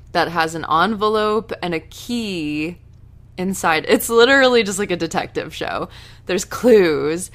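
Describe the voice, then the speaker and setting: Chatty woman recapping a TV episode. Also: low-pitched. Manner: chatty, animated, bursts into loud outrage. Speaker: TV recap host.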